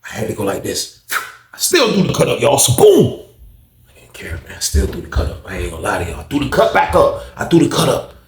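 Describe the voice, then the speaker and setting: Animated man telling a story, echoey room. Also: fairly quick, gravelly. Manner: animated, acts out other people's lines with raised pitch, heavy profanity. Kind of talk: casual storytelling.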